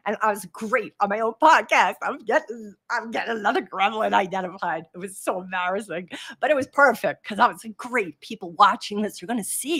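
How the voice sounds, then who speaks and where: Husky woman coaching live. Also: mid-range voice. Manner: animated, chatty, reads out viewer comments. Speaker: trading coach, live show host. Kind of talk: live-stream coaching chat with viewers.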